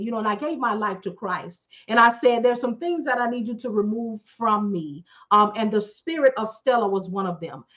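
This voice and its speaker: A middle-aged woman telling a story casually on her livestream, chatty and animated, calling out questions to her viewers. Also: a little high. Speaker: livestream host. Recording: dull lo-fi stream audio.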